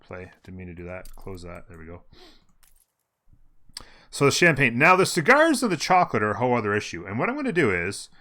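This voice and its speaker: A man hosts a gameplay video, talking casually at his desk microphone as he plays. His voice sits low yet sounds bright and sharp, and his pitch rises and falls widely. He thinks aloud with fillers and corrects himself mid-sentence. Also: wildly swooping pitch, brisk.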